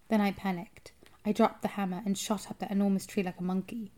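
A woman co-host reading a children's novel aloud with expressive, dramatic delivery. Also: medium pitch, fairly quick.

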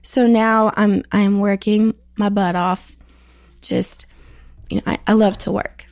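Woman with a gravelly low voice. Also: takes it slowly, dry recording, studio quality. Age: 20s. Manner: low husky voice, relaxed and modest. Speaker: podcast guest, athlete. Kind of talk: casual interview chat.

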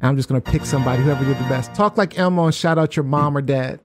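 A man's voice: medium pitch, fast, over music. A man hosting a party game on a talk show, upbeat and laughing often. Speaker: host.

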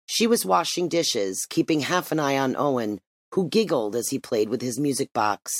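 An audiobook narrator in scripted storybook style, reading with wide, lively swings in pitch. The voice sits in a mid register. It is recorded close to the mic with no room sound. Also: normal speed, no echo.

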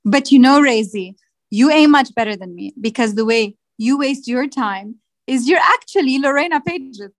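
Brief: blunt, teasing woman co-host, slightly high voice, dry recording. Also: animated, moderate pace, no echo. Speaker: podcast co-host. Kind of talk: casual chat.

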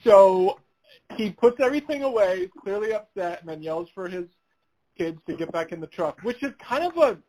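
A man with a notably high-pitched voice tells a story on a casual podcast. He acts out the other people's lines and breaks into laughter along the way. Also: moderate pace, poor audio. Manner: animated storyteller, laughs while telling, acts out quotes. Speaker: podcast co-host.

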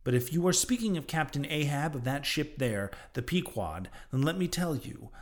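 A man's voice: fairly high pitch, big pitch swings, normal speed, pitched above the performer's own voice. A man voicing an impatient young male sailor who answers in a blunt, questioning way. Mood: skeptical.

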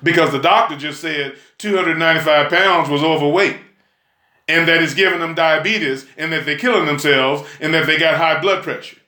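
A man preaching a sermon emphatically, breaking into shouts and prodding listeners with "huh?". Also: fairly high pitch, moderate pace, roomy sound. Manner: emphatic, call-and-response "huh?", sudden shouts.

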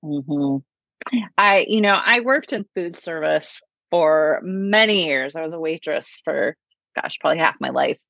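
A woman's voice: deep voice, lively intonation, a little slow, gravelly, a bit bright, no room sound, muffled recording. A woman hosting a podcast, chatting casually and agreeably with plenty of filler words. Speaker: podcast host. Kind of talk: casual chat.

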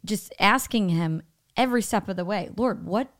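A woman co-hosting a podcast in earnest casual talk, her voice a little hoarse as it recovers. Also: mid-range voice, moderate pace, a bit bright. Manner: earnest, frequent affirmations. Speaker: podcast co-host.

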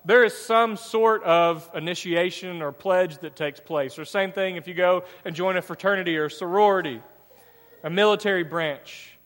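In a church hall with long reverb, a male pastor with a high-pitched, fairly bright tone delivers a sermon, recounting a personal story in a conversational style and performing the dialogue.

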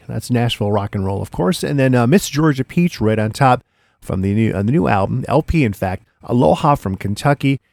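Gravelly, excitable radio DJ man. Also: mid-range voice, dry recording, clean studio sound. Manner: excitable, laid-back hipster slang, many fillers. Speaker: radio DJ host. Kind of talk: casual radio show patter.

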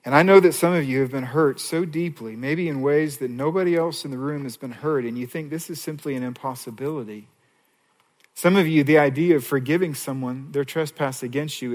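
A male pastor delivering a sermon, moving between hushed pleading and raised, emphatic preaching. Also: medium pitch. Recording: long hall reverb.

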